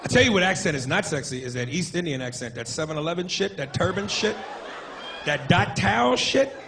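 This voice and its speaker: A man's voice: sits high, animated, fairly quick, creaky, a crowd in the background. Swaggering, profane male stand-up comic. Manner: profane, swaggering, punchy delivery. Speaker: stand-up comedian. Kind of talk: stand-up comedy set. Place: comedy club. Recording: noisy live club recording.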